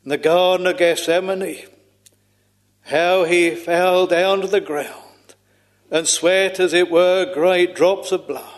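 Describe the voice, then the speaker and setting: A man's voice: high-pitched, fairly even intonation, in a large hall. A man preaching a solemn sermon, drawing out his phrases and sighing "ah" between them in old-fashioned scriptural language. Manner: slow, solemn, drawn-out preaching with frequent sighing "ah"s.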